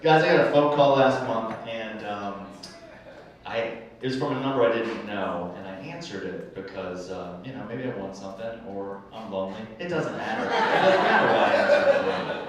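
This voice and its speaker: A young man doing a stand-up set on a comedy club stage, with deadpan, self-deprecating asides. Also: fairly low pitch, moderate pace, recorded from a distance. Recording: noisy, very echoey club from afar.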